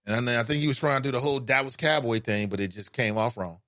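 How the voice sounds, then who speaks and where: A man hosting a call-in talk show, giving casual commentary with an animated delivery that swings from loud emphasis to low asides. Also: fast talker, no room sound, clean studio sound.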